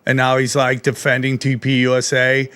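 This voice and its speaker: A man hosting a podcast in casual, animated chat, swearing freely and calling people "dude". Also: medium pitch, normal speed, clean tone. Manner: animated, profane, says "dude" often. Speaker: podcast host.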